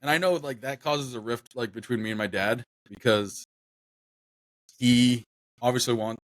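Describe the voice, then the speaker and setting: A man's voice: mid-range voice, moderate pace, no room sound. Rambling young man on a dry mic. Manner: rambling, many fillers and restarts. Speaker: podcast co-host. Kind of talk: casual podcast chat.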